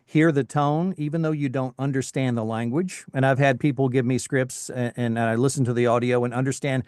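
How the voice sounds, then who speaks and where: A middle-aged voice actor from Tennessee with a faint Southern accent, chatting casually in an interview with lots of restarts. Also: male voice, mid-range voice, steady tone, a little fast, darkish tone, clear, resonant tone, no room sound, studio quality. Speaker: voice actor, guest.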